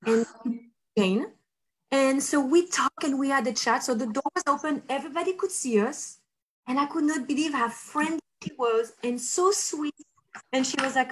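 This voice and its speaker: A woman hosting a casual chat, telling a story in a lively way and acting out what people said. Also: high-pitched, rough recording. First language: French. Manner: animated, acts out quotes with laughs. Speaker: host.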